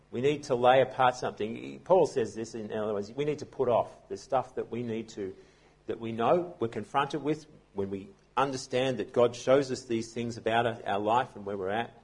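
A man's voice: mid-range voice, slightly rough. A man preaching a sermon as pastor, telling a story in a conversational way with frequent restarts.

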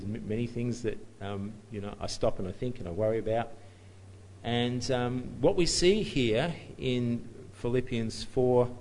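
A man's voice: medium pitch, darkish tone, low-quality recording. A man preaching a sermon in a conversational, self-deprecating way, often restarting and chuckling at himself.

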